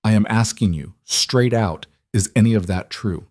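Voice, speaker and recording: A man voicing a grandmother in her sixties who speaks in a measured, controlled way while holding back tears. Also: on the low side, darkish tone, dry recording, clean studio sound, lightly acted. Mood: strained calm.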